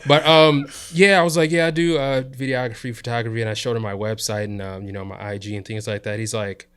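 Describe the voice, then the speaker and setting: A man from the South Side of Chicago, a guest on an interview show, telling a work story in a relaxed way and checking in with "you know" and "right?". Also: mid-range voice, fast, clear, resonant tone. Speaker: interview guest, videographer and coach. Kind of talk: casual storytelling chat.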